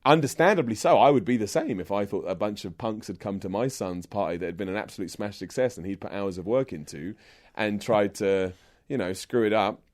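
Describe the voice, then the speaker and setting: A man's voice: on the low side, brisk. Jokey self-mocking English man. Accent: southern English. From England. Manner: self-deprecating, jokey, laughs often. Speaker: guest, wrestling presenter. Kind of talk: casual interview chat. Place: indoors in person.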